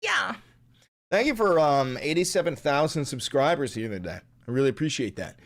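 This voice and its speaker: Higher-voiced man joking through a livestream. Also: sing-song, fairly quick, fairly bright tone. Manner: joking, swearing, jumping into silly voices. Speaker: livestream host. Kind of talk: casual livestream chat reading viewer comments.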